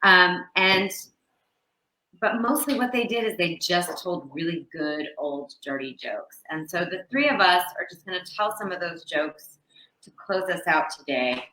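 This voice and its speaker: A woman hosting a casual web show, telling old dirty jokes with a lively, animated delivery. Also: lowish voice, unhurried. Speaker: host. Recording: echoey room.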